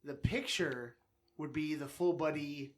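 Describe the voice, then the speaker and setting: A man's voice: a little high, measured pace. A man, a podcast guest, chiming in with short upbeat remarks in a casual chat.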